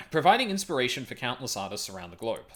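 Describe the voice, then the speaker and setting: A man's voice: medium pitch, big pitch swings, fairly quick, a bit bright. A man streaming a video game, reading its text aloud and stumbling over unfamiliar words, with casual sweary asides.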